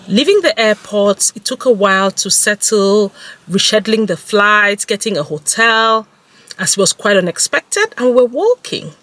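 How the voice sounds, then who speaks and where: A woman vlogger talking to camera in a measured, deliberate way. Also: medium pitch, fairly bright tone, dry recording.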